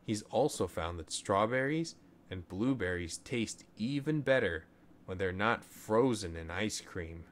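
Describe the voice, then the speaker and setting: A man reading a children's story aloud in a low voice. He takes his time with each line, and his pitch rises and falls in a lively, expressive way. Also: unhurried. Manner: gentle, expressive storybook narration.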